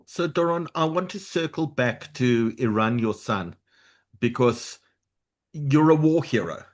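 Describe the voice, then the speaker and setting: A man's voice: mid-range voice, expressive, a little slow. A man hosting an interview, speaking in a conversational, reflective way. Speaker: host.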